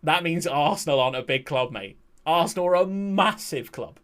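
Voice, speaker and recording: A man's voice: a little high, lively intonation, moderate pace, a bit bright. A young man, streaming a game live and bantering with his chat in a casual, joking way, swearing now and then.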